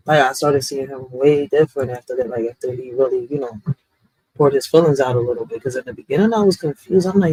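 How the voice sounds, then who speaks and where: A woman co-hosting a podcast, telling stories in an animated, profane, slangy way. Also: low voice, fairly quick, husky, no echo, low-quality recording. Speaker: podcast co-host. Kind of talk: casual podcast chat.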